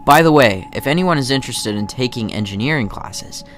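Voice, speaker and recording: A man's voice: mid-range voice, expressive, fairly quick, a bit bright, faint music behind, lightly acted. A man voicing an eager, enthusiastic male teacher in a video game who speaks in an upbeat way.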